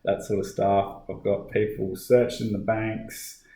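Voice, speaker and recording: A man's voice: lowish voice, level tone, measured pace, mellow, echoey room, rough recording. A middle-aged Australian police officer with an Australian accent, telling his story in a casual podcast interview, full of fillers and restarts.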